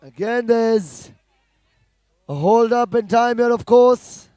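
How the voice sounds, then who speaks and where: High pitched guy calling a football match live, dry sound, gets shouty on goals. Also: no room sound. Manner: rapid play-by-play, rising to shouts at goals. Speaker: match commentator. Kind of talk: live football play-by-play commentary.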